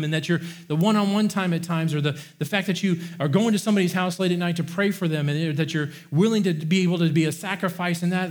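A man preaching with fervor, his voice sitting a little higher than most men's. He repeats phrases and stumbles over restarts as he drives each point home. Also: darkish tone. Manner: impassioned, repetitive preaching with many restarts. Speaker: pastor. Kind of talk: sermon.

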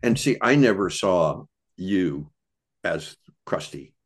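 An older American man, a podcast guest, tells reflective childhood stories in a meandering, thoughtful way, with many pauses and restarts. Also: sits low, expressive. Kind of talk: reflective storytelling conversation.

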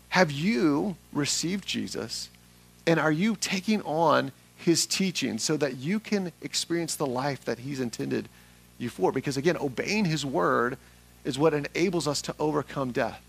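A young adult man from Atlanta, preaching a sermon to a congregation, building from quiet reflection to loud emphatic calls. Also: on the high side, lively intonation, normal speed, creaky, slightly rough. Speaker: pastor. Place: church sanctuary with congregation.

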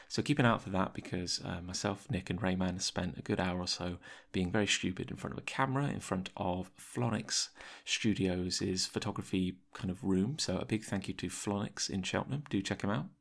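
A man hosting a podcast, delivering a whispered solo interlude in a hushed, raspy voice with many fillers. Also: deep voice. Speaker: podcast host. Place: editing suite, early morning.

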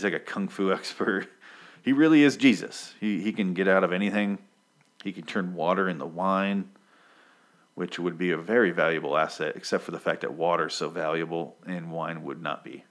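Young guy w a really deep voice, rambling and cursing, keeps losing his place. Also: a bit bright. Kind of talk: casual TV episode recap.

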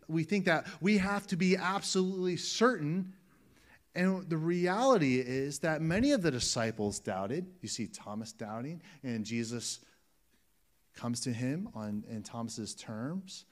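Male pastor, sermon delivery, earnest, restarts often, voice a touch high. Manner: earnest, with frequent restarts and varied emphasis.

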